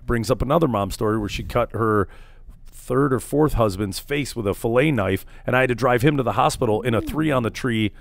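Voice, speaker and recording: A man's voice: medium pitch, a little fast, vocal fry, no echo, studio quality. A man, hosting a casual radio show and telling a rambling family story, acting out the people in it. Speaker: podcast host.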